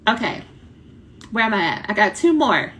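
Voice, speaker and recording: A woman coaching doctoral students in a casual live talk, blunt and lively, acting out quoted voices, her voice starting to tire. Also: medium pitch, moderate pace, a little hiss or hum. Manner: animated, blunt, talks directly to viewers, acts out quoted voices. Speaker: dissertation coach.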